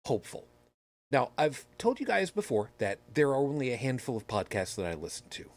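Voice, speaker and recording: A man's voice: medium pitch, sing-song, a little fast. A man hosting a podcast, chatting casually and telling rambling, self-deprecating stories. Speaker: podcast host. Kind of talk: casual chat.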